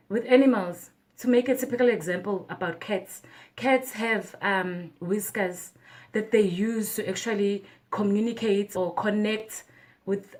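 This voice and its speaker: A woman vlogging about spirituality in a casual explanatory way, full of "um" fillers and "right?" tag questions. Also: mid-range voice. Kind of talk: casual explanatory talk to camera.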